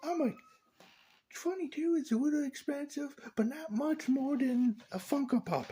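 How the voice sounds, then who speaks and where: A man's voice: extremely high pitch, normal speed, mellow. A man vlogging a casual, rambling opinion rant, joking and laughing at his own lines.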